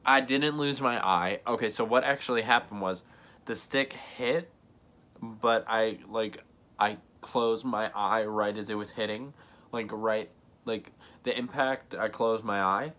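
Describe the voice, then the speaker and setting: A young man telling a story in a vlog, animated, often acting out other people's lines and filling his talk with "like". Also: on the low side, measured pace. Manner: frequent "like" fillers, laughs between lines. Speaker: vlogger.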